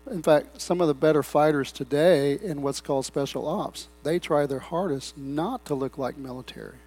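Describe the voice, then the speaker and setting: A middle-aged man preaching a sermon in a church, breaking into loud swells and rambling asides. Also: fairly high pitch, normal speed. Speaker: pastor. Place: church sanctuary.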